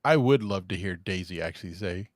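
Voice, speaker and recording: A man's voice: low voice, lively intonation, fairly quick, dry recording. Hesitant male podcast co-host. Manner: hesitant, many ums and restarts, dry jokes. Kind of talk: casual comedic chat.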